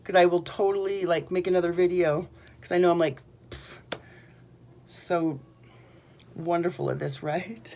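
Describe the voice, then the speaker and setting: A woman's voice: fairly low pitch, fairly even intonation, unhurried, pauses often, warm tone, slight background noise. A woman energy healer talking casually to her viewers in a bubbly, rambling way with lots of fillers. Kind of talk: casual talk to camera.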